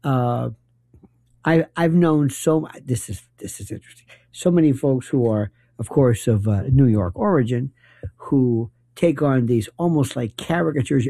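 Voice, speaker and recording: Gravelly, rambling late-night radio host. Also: male voice, medium pitch, animated, a little slow, warm tone, no room sound. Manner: rambling, opinionated, wry. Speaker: radio talk show host.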